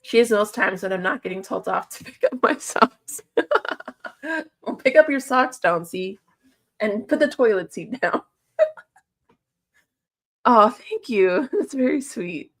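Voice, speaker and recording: A chatty woman talking casually to her livestream chat. She reads out messages, answers them and laughs often, at an easy middle pitch. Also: expressive, normal speed.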